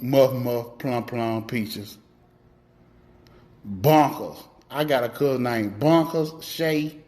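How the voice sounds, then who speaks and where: A man with a Mississippi Southern accent speaks casually to his followers. His delivery is folksy, playful and slow, with drawn-out words. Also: medium pitch, darkish tone. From Mississippi Delta, US South. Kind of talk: casual social media talk.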